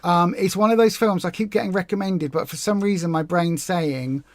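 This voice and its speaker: A woman's voice: on the low side, no echo. Chatty woman on a livestream. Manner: chatty, excitable, quick asides. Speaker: co-host of a weight loss livestream. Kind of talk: casual livestream chat.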